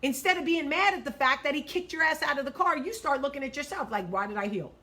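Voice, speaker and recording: A woman in her forties hosting a vlog, giving blunt, profane, animated advice talk. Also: high-pitched, fast talker. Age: 40s. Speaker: vlog host.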